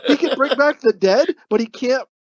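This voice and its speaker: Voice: high voice, normal speed, no echo. A podcast co-host in casual chat, chatty, often laughing, with lots of filler words. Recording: dry, dull lo-fi mic.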